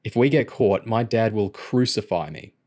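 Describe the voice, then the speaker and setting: A man voicing an excitable, jittery teenage boy in an audiobook reading. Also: fairly low pitch, normal speed, close to an everyday voice. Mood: excited. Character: excitable teenage boy, cheeky shoplifting sidekick.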